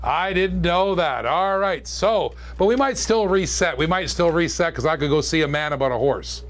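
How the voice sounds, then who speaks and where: A man hosting a live-streamed toy car auction, calling bids in quick, chatty patter and joking with viewers. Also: on the high side. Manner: chatty, joking, fast auction calls with laughs.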